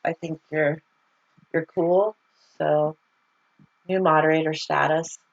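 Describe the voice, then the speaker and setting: A woman's voice: low voice, fairly even intonation, slow, gravelly. A woman hosting a casual livestream, chatting loosely, laughing often and reading viewer comments aloud over a video call. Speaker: livestream host. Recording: slightly muffled video call audio.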